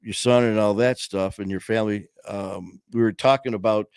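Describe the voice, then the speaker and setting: A man's voice: fairly low pitch, steady tone, moderate pace, creaky, a little mellow, clean tone, no room sound. A middle-aged man hosting a live studio show, chatting loosely with lots of fillers and restarts and telling jokes. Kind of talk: rambling casual chat with joke-telling. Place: small studio. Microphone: studio mic.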